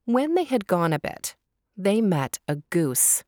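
A woman reads a fairy tale aloud at an unhurried pace, her voice rising and falling with lively expression. The recording is dry and close, with no room sound. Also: medium pitch, dry recording. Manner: slow and lively. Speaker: storyteller. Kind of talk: storybook reading.

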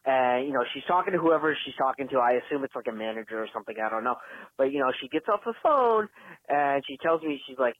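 A frustrated man venting into a voicemail, rambling with lots of likes and restarts. The sound is thin and phone-like, dry and close, at an average pitch. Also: expressive, fast talker, no echo. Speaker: caller leaving a voicemail. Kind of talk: ranting voicemail story. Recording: tinny phone line voicemail.

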